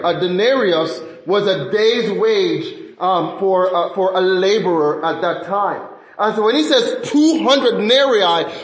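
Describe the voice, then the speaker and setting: A man teaching scripture in a conversational sermon style, often asking his listeners questions. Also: high-pitched. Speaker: Bible teacher. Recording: roomy echo.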